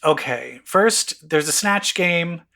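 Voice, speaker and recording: Man, podcast co-host, casual chat, gossipy retelling, a bit high-pitched, swears a lot. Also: slow pace, gravelly. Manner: animated gossipy recounting, acting out quotes; swears freely.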